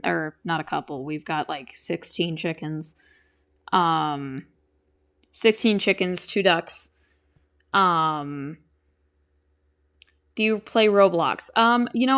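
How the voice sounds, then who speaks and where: Drawing during her home stream, a young streamer and animator chats casually and rambles while responding to her chat, her lowish voice sounding creaky.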